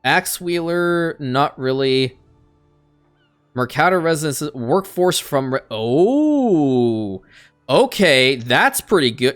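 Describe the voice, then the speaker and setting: Excitable man narrating his gameplay. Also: on the high side, slow, soft background music. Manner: excitable, talks to game characters, laughs often. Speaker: gaming YouTuber. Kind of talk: casual let's-play commentary.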